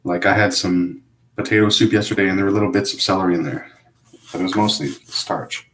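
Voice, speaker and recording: Halting deep-voiced man in an echoey room. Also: fairly bright tone. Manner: hesitant, halting, self-critical, many fillers and restarts. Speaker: vlogger. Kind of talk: confessional monologue.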